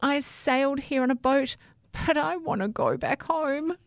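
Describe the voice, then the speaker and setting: A woman voicing a brave, hopeful little male toothbrush in a storybook reading, speaking high, eager and slow. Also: no room sound, clean studio sound. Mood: earnest.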